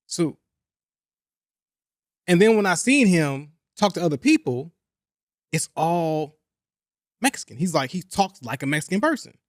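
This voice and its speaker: Young male podcast host, high-pitched, animated and blunt, dry close mic. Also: measured pace, long pauses, dry recording. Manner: animated, profane, repeats himself for emphasis. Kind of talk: casual chat.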